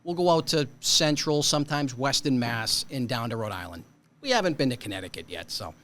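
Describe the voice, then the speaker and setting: Guest, man with a thick Boston accent, bouncy pitch, emphatic and blunt. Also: expressive, a little fast, fairly bright tone. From East Boston, USA. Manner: blunt, emphatic, repeats himself. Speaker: guest, TV restaurant show co-host. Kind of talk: casual podcast chat.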